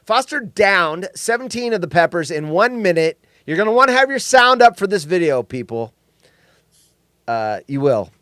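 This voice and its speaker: This is a man co-hosting a casual chat show, joking with his partner and the audience. His voice sits high and swings widely. The sound is dry and close. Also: normal speed, no room sound. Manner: animated, jokey, belts out song lines. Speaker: co-host. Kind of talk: casual podcast banter.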